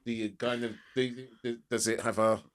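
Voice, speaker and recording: A man hosting a podcast interview, asking questions in a relaxed way and nodding along with short replies. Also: mid-range voice, moderate pace, smooth. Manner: relaxed, prompting with short affirmations. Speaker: podcast host. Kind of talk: interview conversation.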